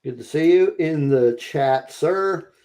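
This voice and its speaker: A man's voice: a little high, slow, dark tone. A man co-hosting a live-streamed podcast in casual chat, hesitant, with many ums and restarts. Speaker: podcast co-host.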